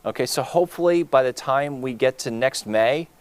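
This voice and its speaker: A man's voice: medium pitch, normal speed, clean tone, dry recording. A man co-hosting a charity gala, earnest and rambling, with many fillers. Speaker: gala co-host. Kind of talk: heartfelt live co-hosting.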